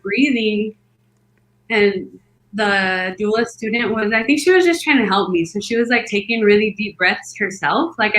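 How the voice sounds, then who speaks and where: A woman's voice: a little high, fairly bright tone, reverberant, rough recording. A woman casually telling a long personal story, rambling and filling it with "like" as she acts out what others said. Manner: rambling, many "like" fillers, acts out quotes. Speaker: podcast guest telling her birth story.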